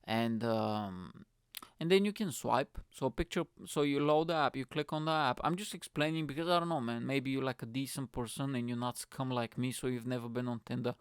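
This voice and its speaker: A man's voice: medium pitch, fairly quick, smooth, dry recording, clean studio sound. A young man, a comedian hosting his own podcast alone at home, ranting crudely with lots of swearing and rambling asides. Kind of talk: casual solo podcast rant.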